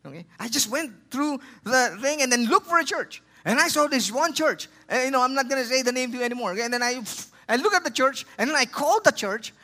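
A Filipino pastor preaches in an easygoing, conversational way, often repeating words for emphasis. His voice sits very high for a man and has a sharp, forceful edge. He grows softer and lower when he reads scripture aloud. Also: animated, fast talker, hardly any pauses. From Philippines. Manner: conversational, tags lines with "okay?" and "you know", repeats words for emphasis; drops quieter and lower when reading scripture. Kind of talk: preaching a sermon.

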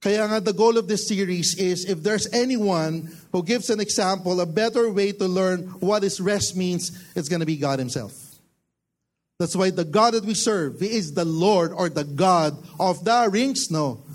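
High-voiced Filipino pastor preaching. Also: male voice, normal speed. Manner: preaching in mixed English and Tagalog, rising to emphatic bursts. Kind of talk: sermon.

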